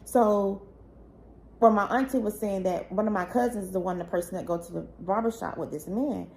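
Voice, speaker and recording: A woman's voice: medium pitch, a little fast, a little mellow, a little hiss or hum, rough recording. A woman vlogger recounting a painful personal story in a rambling, emotional way, full of fillers.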